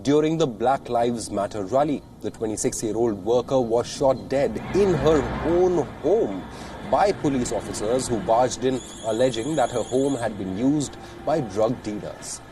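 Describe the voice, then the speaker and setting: A man reading a scripted news report in a steady, measured newsreader delivery. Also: mid-range voice, noisy background.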